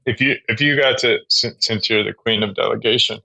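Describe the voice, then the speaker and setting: A man's voice: medium pitch, a little fast, creaky, sharp tone, poor audio. A man hosting a podcast, asking questions in a rambling way and often restarting his sentences. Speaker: podcast host. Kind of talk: casual interview chat.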